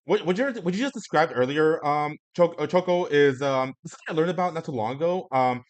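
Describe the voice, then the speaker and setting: A man hosting a live-stream talk show, speaking hesitantly with many pauses and restarts. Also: fairly high pitch. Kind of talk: casual chat on a live stream.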